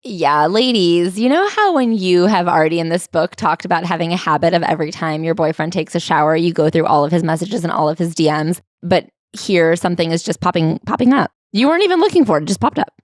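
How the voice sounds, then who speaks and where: A woman's voice: on the low side, animated, fast talker, hardly any pauses, no echo. A woman co-hosting a comedy podcast, chiming in with sarcastic, wry commentary on the story. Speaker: podcast co-host. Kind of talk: comedic book-club banter.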